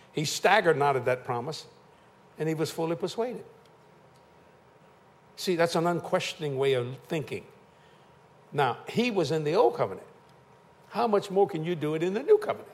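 Older preacher man, folksy and joking. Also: on the high side. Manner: folksy, joking, southern-tinged church talk. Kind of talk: sermon with storytelling and humor.

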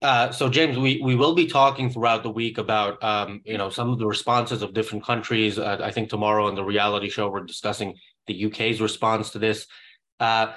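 A man hosting political commentary, talking in a halting way with many pauses and restarts. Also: lowish voice, steady tone, a bit bright. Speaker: show host.

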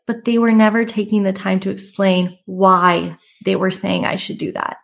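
A woman's voice: mid-range voice, fairly even intonation, moderate pace, vocal fry, few pauses. Woman host telling her own story. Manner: candid, conversational, with emphatic rises. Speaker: podcast host and photography business coach. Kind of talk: personal storytelling monologue.

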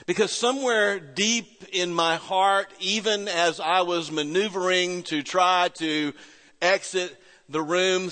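A middle-aged man preaching a sermon, telling a story with pauses and soft quoted voices. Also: high-pitched. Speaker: pastor. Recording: reverberant church hall.

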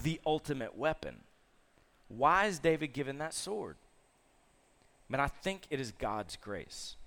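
A man preaching to young people as a youth pastor, telling the story in a lively, casual way and asking the audience questions. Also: a little high.

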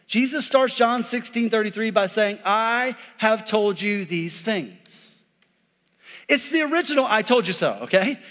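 A man preaching a lively, conversational sermon as a pastor, calling out to his congregation. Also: very high voice, big-room sound. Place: church sanctuary.

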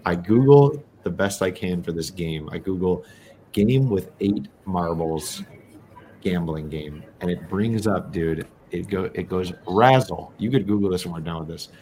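A very deep-voiced man from New England tells a casual, profane story as a podcast guest. He acts out the quotes as he goes, with a faint hiss behind him. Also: moderate pace, dark tone.

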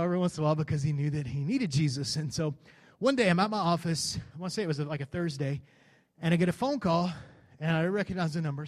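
Pastor telling a story from the pulpit. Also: male voice, a little high. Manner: conversational, building to fervent preaching. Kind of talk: sermon with personal storytelling.

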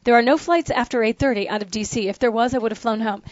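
A middle-aged woman with a fairly high voice tells stories in a casual chat. She acts out the dialogue with lots of energy. The sound is dry and a little dull. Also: fast, no room sound. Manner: animated storyteller who acts out phone calls.

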